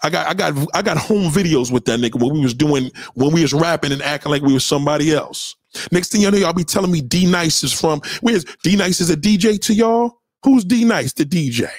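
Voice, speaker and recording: Hyped New York man, high lively voice. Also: fairly quick, dry recording, studio quality. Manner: loud, profane, boastful, challenging. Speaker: live streamer playing records for chat. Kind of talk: hyped trash talk over music.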